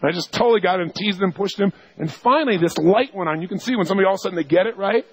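A man telling a story to a seminar audience, animated, acting out the quotes and laughing along. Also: sits high, quick pace, breathy edge, no echo, poor audio. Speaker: seminar speaker.

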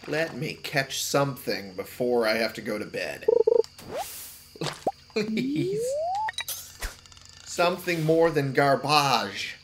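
A man giving casual gameplay commentary, muttering to himself and cursing loudly at the game. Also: mid-range voice, animated, a little slow, hardly any pauses, a little hiss or hum. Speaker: let's play gamer.

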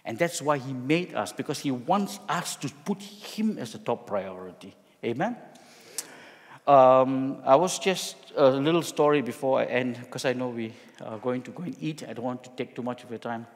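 A man's voice: mid-range voice, expressive, moderate pace. Middle-aged pastor guy from singapore, jokey storyteller, lots of restarts, big echoey church hall. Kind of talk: sermon with personal story.

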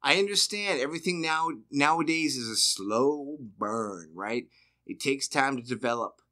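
A man's voice: medium pitch, normal speed, pushed and bright. A man from Massachusetts hosting a casual podcast chat, blunt and profane, firing off rhetorical questions. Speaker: podcast host.

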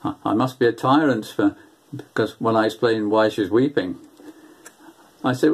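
A man's voice: mid-range voice, normal speed, long pauses, darkish tone, husky. An older man preaching a sermon, telling stories in an earnest way and often repeating his words.

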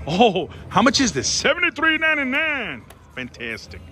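A man giving excited running commentary on a slot machine as he plays, talking to his viewers and pleading with the machine, on a casino floor. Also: very high-pitched, normal speed. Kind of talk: casual live commentary while gambling. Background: casino music.

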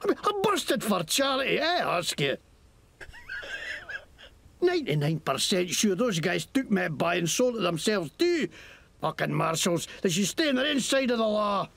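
An actor playing a foul-mouthed, resentful Scottish shopkeeper and petty crook in a video game, with a Scottish accent and a gravelly voice. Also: male voice, high voice, sing-song, normal speed, fairly bright tone, heavily acted. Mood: ranting. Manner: swearing, ranting against the law.

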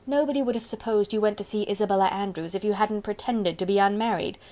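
A woman's voice: medium pitch, fast talker, dark tone, natural voice. A woman voicing a spirited, frank teenage girl in an audiobook, speaking in a teasing, scolding way.

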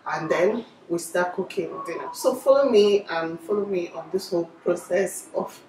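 A woman's voice: fairly low pitch, normal speed, a little mellow, reverberant, recorded from a distance, a little hiss or hum, poor audio. A young Nigerian woman chatting casually as a cooking vlogger, laughing easily as she talks. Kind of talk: casual vlog chat. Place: home kitchen.

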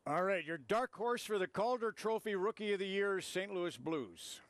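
A man co-hosting a hockey segment, briskly teeing up each topic for his partner. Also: high-pitched, expressive, dry recording. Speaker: sports broadcast co-host.

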